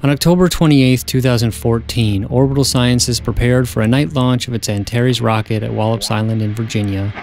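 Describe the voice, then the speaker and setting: A man giving a scripted narration in an even, factual delivery. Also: mid-range voice, normal speed, few pauses, soft background music.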